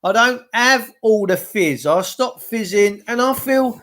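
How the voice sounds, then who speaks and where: A man with a high voice rants his way through a rambling livestream. He reads out viewer comments and answers them directly, rolling from one point to the next. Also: animated, normal speed, hardly any pauses, a bit bright. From England. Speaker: livestream host. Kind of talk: rambling live-stream monologue.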